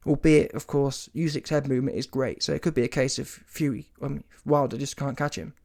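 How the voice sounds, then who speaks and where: At medium pitch and a brisk pace, a man rants through his reaction to a boxing match. The tone is casual and slangy, emphatic and often mocking, with animated delivery that builds to mocking shouts and includes swearing.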